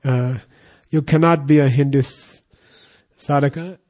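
A man's voice: on the high side, fairly even intonation, a little slow, a little mellow, natural voice. A man voicing monks who bluntly tell a pupil he is hopeless and must leave.

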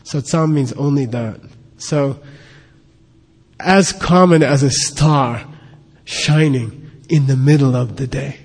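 A man's voice: medium pitch, takes it slowly, long pauses, breathy edge. A man teaching a Buddhist text, explaining terms patiently and checking in with his listeners often. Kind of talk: lecture on a scripture. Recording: long hall reverb.

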